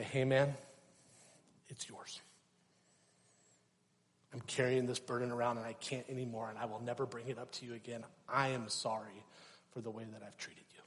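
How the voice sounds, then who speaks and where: A young man preaching a sermon, telling a personal story with animated, acted-out quotes. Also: medium pitch. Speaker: pastor. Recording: reverberant hall.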